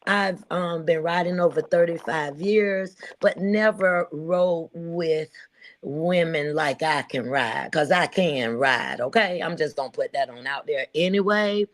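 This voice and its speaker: A woman's voice: sits low, a little slow. A woman guest speaking bluntly and emphatically in a casual livestream chat. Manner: blunt, emphatic, repeating "okay?". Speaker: guest rider.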